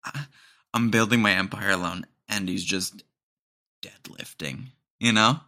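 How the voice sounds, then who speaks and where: Young man, podcast host, unhurried delivery, sarcastic, rambling, chuckles at his own jokes. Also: on the low side, steady tone, pushed and bright. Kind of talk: casual comedic monologue.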